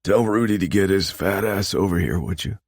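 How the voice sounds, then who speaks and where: A man with a very deep, husky voice playing a gruff, delirious old grandfather in an audiobook, weak and close to a whisper. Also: moderate pace, no echo. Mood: feverish. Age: older. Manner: gruff, cursing, drifting. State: weak, near a hoarse whisper.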